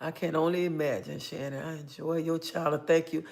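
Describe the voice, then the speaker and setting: A woman's voice: low-pitched, fairly even intonation, normal speed, vocal fry, a little mellow. A middle-aged grandmother hosting a casual livestream, talking emphatically to her viewers, often repeating herself and calling them honey. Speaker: livestream host.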